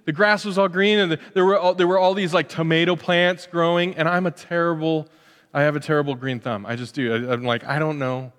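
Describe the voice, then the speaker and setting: A middle-aged man preaching a sermon as a pastor, animated, acting out little voices and asides. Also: on the high side, brisk. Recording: long hall reverb.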